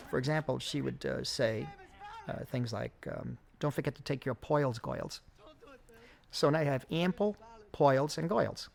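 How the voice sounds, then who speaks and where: A man talks through a film commentary in a deeply gravelly, creaky voice. He thinks aloud with many pauses and restarts, and faint music plays behind him. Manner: reflective, many fillers and restarts. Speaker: film director giving commentary. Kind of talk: audio commentary.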